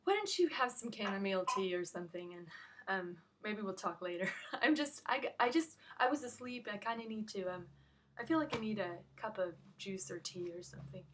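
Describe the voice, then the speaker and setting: A woman with a medium-pitched, lively and fairly quick voice describes an incident over the phone, with background noise behind her. She's agitated and emotional, rambling and restarting repeatedly.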